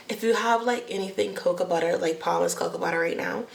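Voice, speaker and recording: A woman's voice: on the low side, fast, vocal fry, roomy sound, a little hiss or hum. A young woman from the Bahamas, chatting to camera as a beauty vlogger, rambling and laughing at herself. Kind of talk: casual chat to camera.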